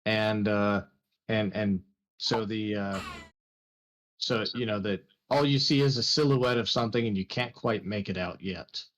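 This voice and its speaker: A man's voice: lowish voice, fairly even intonation, a little slow, fairly bright tone, low-quality recording. Rambling man running a tabletop game. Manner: rambling narration with many restarts and fillers. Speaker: game master.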